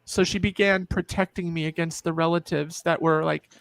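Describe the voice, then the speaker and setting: A woman's voice: on the low side, fairly even intonation, moderate pace, vocal fry. A middle-aged woman on a video call, telling an emotional personal story in a group chat and acting out the voices she quotes.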